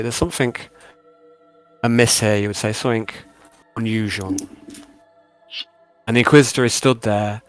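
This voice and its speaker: Male game master, low voice, descriptive and halting, dry close mic. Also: a bit bright, clean tone, no room sound. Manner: descriptive, many fillers. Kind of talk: narrating a tabletop game.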